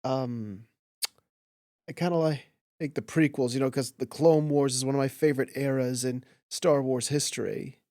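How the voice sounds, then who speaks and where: A man's voice: medium pitch, fairly even intonation, moderate pace, darkish tone, no echo, studio quality. A young man in his twenties, a podcast guest, who talks earnestly and hesitantly with many fillers. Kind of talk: casual interview chat.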